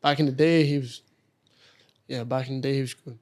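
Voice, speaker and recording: A young Irish man with an Irish accent, a podcast guest talking in a relaxed, blunt, laid-back way. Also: medium pitch, fairly quick. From Ireland. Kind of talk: casual chat.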